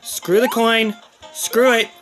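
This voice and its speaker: A woman doing let's-play commentary, exasperated and swearing under her breath, swinging between shrill frustrated yells and low muttering. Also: level tone, slow. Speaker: gaming channel host. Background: faint game music.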